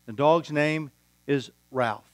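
Slow, higher-voiced male preacher. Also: no echo. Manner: storytelling with quoted dialogue, deliberate pauses. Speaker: pastor. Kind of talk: sermon.

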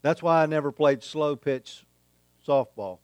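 A man's voice: on the high side, measured pace, darkish tone, clear, resonant tone, dry recording. A man preaching a sermon, emphatic and repeating his key phrases. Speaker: pastor.

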